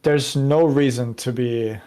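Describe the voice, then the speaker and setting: A man's voice: medium pitch, fairly even intonation, a little slow, warm tone, lightly acted. A man voicing an irritated male soldier who brushes off his comrade.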